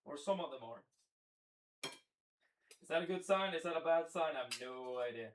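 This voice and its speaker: An animated man with a higher-than-average voice talks at a moderate pace while streaming his cooking live from his home kitchen. He muses aloud and chats with viewers over slight background noise.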